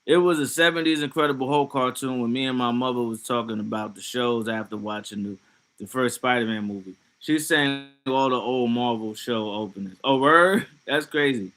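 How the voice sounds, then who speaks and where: A man's voice: medium pitch, moderate pace, a bit bright. A man streaming live, chatting casually and reacting to chat comments in a loose, profane way with laughing asides. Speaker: livestreamer.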